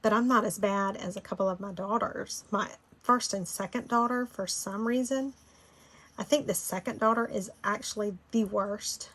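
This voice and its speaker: A woman's voice: mid-range voice, moderate pace, a bit bright. A middle-aged woman with a Southern Georgia accent, chatting casually and rambling while she leads a design tutorial. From Florida. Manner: chatty, rambling, laughs easily. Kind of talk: casual screen-recorded tutorial chat.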